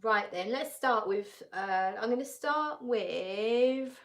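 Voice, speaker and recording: A tired woman hosts a relaxed live-stream chat, greeting viewers by name and reading their comments aloud. She talks at an unhurried, slow pace, with a chatty, easygoing manner and plenty of little fillers. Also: fairly high pitch. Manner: frequent laughs and fillers, easygoing. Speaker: fragrance channel host.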